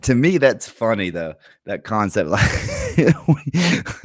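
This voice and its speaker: A man's voice: medium pitch, no echo, studio quality. A man hosting a livestream in casual, crude chat, swearing and laughing often. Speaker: livestream host.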